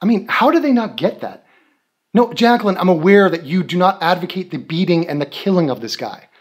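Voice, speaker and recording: A man's voice: high-pitched, expressive, fairly quick, breathy edge. A man giving a profane, sarcastic commentary rant, mocking the people he is answering. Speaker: commentary video creator. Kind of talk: ranting commentary.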